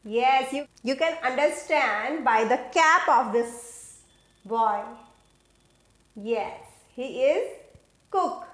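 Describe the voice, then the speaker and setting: A woman teacher, giving a phonics lesson to children and repeating each word slowly in a sing-song way. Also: high voice, animated, fairly bright tone, reverberant. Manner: slow, drawn-out, sing-song teacher voice that repeats words for kids.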